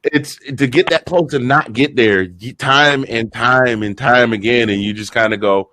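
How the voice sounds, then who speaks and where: A man in his fifties, a guest short on sleep, telling an excited sports story with many restarts. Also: mid-range voice, normal speed, few pauses, no echo. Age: 50s. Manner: animated storyteller, stumbling restarts.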